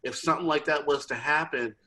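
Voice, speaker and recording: On a roughly recorded podcast, a male co-host talks fast in a slightly high voice, chatting animatedly about a film in a casual review. He acts out the characters' lines as he goes.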